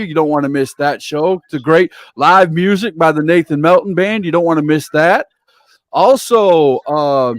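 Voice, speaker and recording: Guy hosting, kinda high voice, hyped promo patter, dry close sound. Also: no room sound. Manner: enthusiastic promo delivery with repeated catchphrases. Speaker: interview show host. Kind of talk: casual interview, promoting events.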